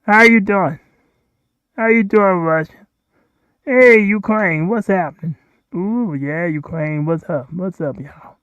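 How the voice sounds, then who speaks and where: A man's voice: high-pitched, takes it slowly, pauses often, fairly bright tone, clear, resonant tone, dry recording, highs cut off. A man hosting a rambling solo livestream, repeating himself and pleading with the countries he addresses. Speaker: livestream host.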